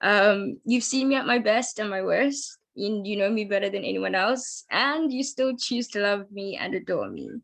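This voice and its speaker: A woman's voice: medium pitch, very animated, normal speed, vocal fry, few pauses, a bit bright. A woman speaking as a bride on a video call, reading her wedding vows hesitantly with many ums. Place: at home late at night.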